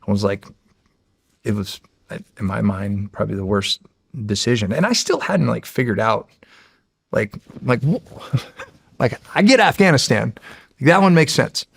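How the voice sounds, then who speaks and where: A middle-aged man from the United States, a former Navy SEAL, telling stories as a podcast guest in a loose, animated way with many fillers and restarts. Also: mid-range voice, unhurried, creaky, slightly rough, dry recording, studio quality. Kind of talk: casual storytelling.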